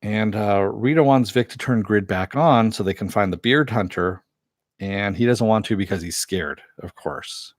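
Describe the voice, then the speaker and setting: A man's voice: on the low side, moderate pace, no room sound, studio quality. A man recapping a TV episode in a rambling, casual way, full of fillers and quoted lines. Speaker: TV episode reviewer.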